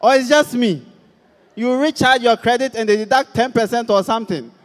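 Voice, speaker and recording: A man doing stand-up comedy with a Ghanaian accent, animated and shouting his punchlines while acting out characters. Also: extremely high pitch, fairly quick. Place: live stage before an audience. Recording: echoey hall, loud crowd.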